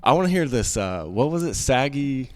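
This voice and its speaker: A man's voice: medium pitch, very animated, moderate pace, a little mellow. A man hosting a podcast, chiming in eagerly and laughing often. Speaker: podcast host. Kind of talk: casual chat.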